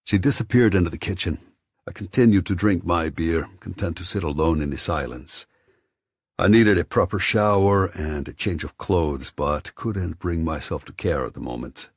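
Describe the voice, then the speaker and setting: A man narrating a dark romance audiobook in a first-person, steady, scripted read. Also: a bass voice, normal speed, husky, no echo, studio quality.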